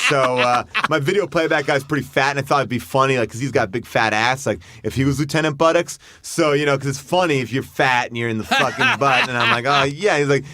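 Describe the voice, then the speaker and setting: Man telling a lively story. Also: mid-range voice, brisk, no echo, studio quality. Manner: animated anecdote, acting out other people's voices. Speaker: podcast guest. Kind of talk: casual storytelling.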